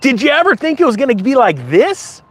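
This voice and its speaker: Sarcastic male commentary host, high and animated, slips into mocking voices. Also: fairly quick.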